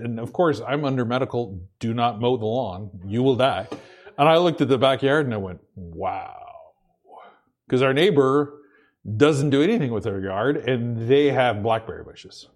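Medium in pitch and moderate in pace, a male pastor from the Pacific Northwest gives a conversational sermon. He builds his points while stumbling over repeated words at the beginnings of sentences, laughing in between points.

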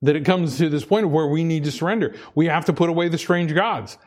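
A man's voice: on the high side, quick pace, a little mellow. A man preaching a sermon, earnest, repeating himself and restarting phrases as he presses his point. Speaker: pastor.

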